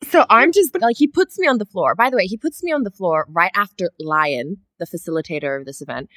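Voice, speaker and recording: A woman with a fairly low voice tells a story in a casual podcast chat. She is lively and swears freely, and she acts out her own reactions as she goes. The sound is dry and close, with no room echo. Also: fairly quick, few pauses. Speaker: podcast co-host.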